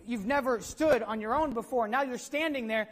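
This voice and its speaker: A woman's voice: a little high, moderate pace, long reverb tail. A woman preaching a sermon to her congregation, telling the story with energy and putting questions to the listeners.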